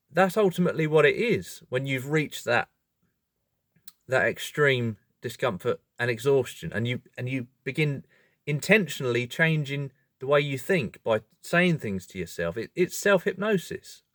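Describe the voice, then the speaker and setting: A man hosting a video, explaining in a casual monologue, animated and self-correcting, often breaking into laughter. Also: on the high side, no echo, studio quality. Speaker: video host.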